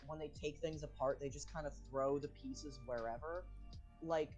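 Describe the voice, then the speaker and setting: A man's voice: fairly high pitch, low-quality recording. A trans man whose voice is dropping and cracking on testosterone, chatting casually and swearing on a live stream. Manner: rambling, swears a lot.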